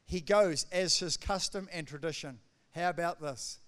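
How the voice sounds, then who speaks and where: A pastor preaches emphatically, alternating loud declarations with quiet asides. His voice is fairly high, and he talks at a normal speed.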